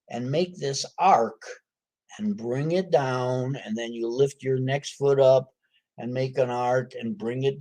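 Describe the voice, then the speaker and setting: A man telling a story in a folksy, animated way, full of asides to his listeners. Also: medium pitch. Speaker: author. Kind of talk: storytelling to a live audience.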